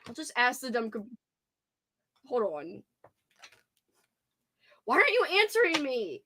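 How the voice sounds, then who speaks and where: A woman's voice: on the high side, wildly swooping pitch, a little slow, long pauses, sharp tone. A woman with a New Orleans accent hosting a casual livestream chat, giggly and playful, teasing herself. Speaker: livestream host.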